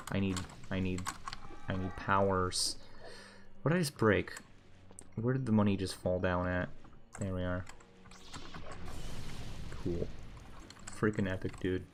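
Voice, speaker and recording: A man's voice: low-pitched, slight background noise. A young man streaming a video game, muttering casual, profane, sarcastic commentary as he plays.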